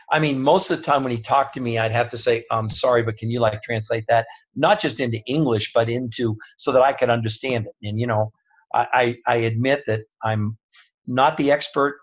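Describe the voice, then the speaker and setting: A man's voice: mid-range voice, moderate pace. A man speaking as a guest co-author over an online call, earnest and humble, with many restarts. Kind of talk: casual talk on a call. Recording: dull lo-fi online audio.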